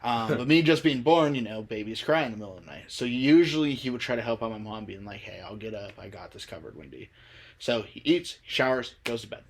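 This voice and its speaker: A man's voice: mid-range voice, brisk, few pauses. A young man chatting casually and telling a spooky story, swearing freely and laughing through it. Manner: laid-back, swears a lot, laughs through his stories.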